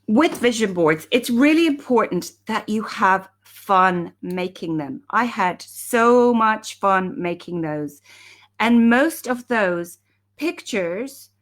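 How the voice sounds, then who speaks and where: An upbeat woman talks casually into a webcam or phone at home, as on a live stream. Her voice sits at an ordinary middle pitch for a woman. She chats warmly, breaking off mid-thought to greet viewers by name. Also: expressive, slow pace. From Ireland. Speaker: self-help speaker hosting a live stream.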